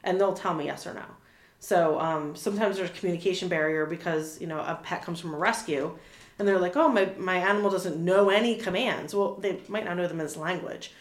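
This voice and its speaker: A woman's voice: on the low side, fairly even intonation, brisk, reverberant. A woman in her thirties chatting casually as an interview guest, full of fillers, restarts and little laughs. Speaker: animal communicator guest.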